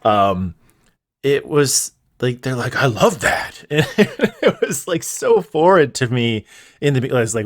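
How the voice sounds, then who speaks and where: A man's voice: mid-range voice, very animated, measured pace. Casual, reflective man hosting a podcast. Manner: casual, reflective, laughs easily. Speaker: podcast host. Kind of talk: podcast interview.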